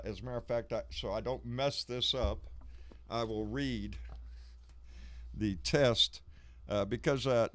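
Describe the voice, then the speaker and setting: A man's voice: on the low side, no echo. A middle-aged man, hosting a live stream in casual, rambling, folksy chat and swearing freely. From Texas. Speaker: live show host.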